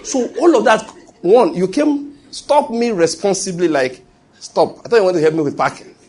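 Husky-voiced Nigerian pastor preaching. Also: male voice, sits high, moderate pace. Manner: animated storytelling preaching with acted quotes and pidgin asides. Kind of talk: sermon.

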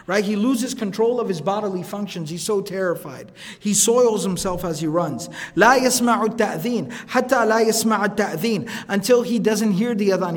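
A man gives a brisk, high-pitched religious lecture, his voice trailing into a long hall reverb. He talks casually, rattles off Arabic quotations and keeps asking his audience "right?". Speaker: teacher.

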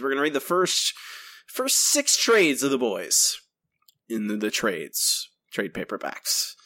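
A man's voice: fairly low pitch, sing-song, unhurried, bright, forceful tone. A man co-hosting a comics podcast in casual chat, chatty and laughing often, trailing off when he is unsure. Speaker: podcast co-host.

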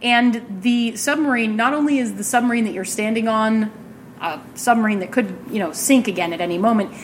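A woman's voice: a little high, brisk, a little hiss or hum. A woman hosting a podcast at a gaming convention, giggling and rambling as she narrates a tabletop game. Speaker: podcast host and game master.

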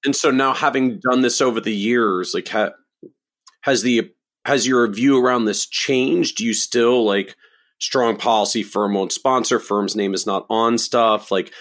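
A man hosting an interview, relaxed and asking long follow-up questions. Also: mid-range voice, unhurried. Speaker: podcast host. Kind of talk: conversational interviewing.

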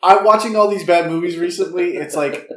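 A man's voice: sits high, brisk. A man co-hosting a comedy podcast who makes wry, profane asides about a bad film. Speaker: podcast co-host. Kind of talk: casual comedic film review. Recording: roomy echo.

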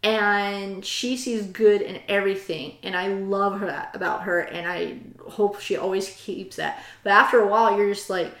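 A woman's voice: medium pitch, steady tone, moderate pace, hardly any pauses, a bit bright. A woman hosting a casual chat, animatedly retelling a story and reading quotes aloud from a book. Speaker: host. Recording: roomy echo.

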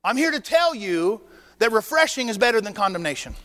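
Pastor, male, high voice, animated sermon delivery with acted-out exchanges, church hall reverb. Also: a little fast. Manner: animated preaching with acted dialogue and rhetorical questions. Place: church sanctuary.

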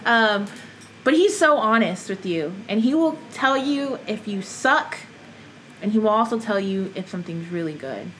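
A young woman, a wrestler guest on a podcast, telling stories in a casual, animated way with lots of "like". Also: medium pitch, normal speed, slight background noise, poor audio. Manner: animated, laughs often, lots of "like". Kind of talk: casual storytelling interview.

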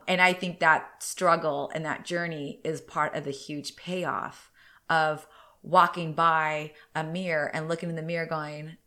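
Sounding a little congested, a thirty-something woman chats ramblingly and frankly on her solo podcast. Her low-pitched voice carries a slight brightness.

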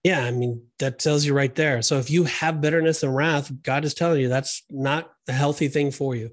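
A man's voice: medium pitch, fairly even intonation, normal speed. A middle-aged man co-hosting a Christian podcast, telling personal stories in an earnest, conversational way with frequent restarts. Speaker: podcast co-host. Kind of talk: Christian discipleship podcast chat.

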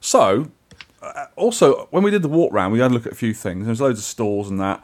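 A man's voice: mid-range voice, very animated, brisk, darkish tone. A man co-hosting a podcast, chatting casually and rambling with restarts. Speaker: podcast co-host. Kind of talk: casual chat.

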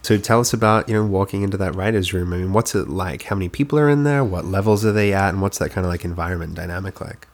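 A woman's voice: very deep voice, fast, hardly any pauses, darkish tone. A woman interviewing a guest, asking questions and reacting with short affirmations. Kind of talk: casual interview.

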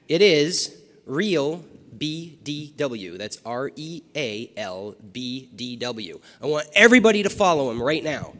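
Bright-voiced moderator in a booming arena. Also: male voice. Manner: energetic, joking, direct address. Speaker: panel moderator. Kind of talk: hyping up a convention crowd. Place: large half-full stadium. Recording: long reverb of a big arena.

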